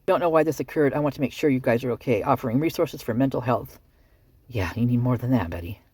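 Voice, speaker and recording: Husky ranting vlogger, sarcastic, heated, dry close sound. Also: medium pitch, quick pace, a little mellow, no echo. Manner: ranting, fired up, sarcastic asides. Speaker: true-crime commentary channel host. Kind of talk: heated solo commentary on news articles. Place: at home, with outdoor work nearby.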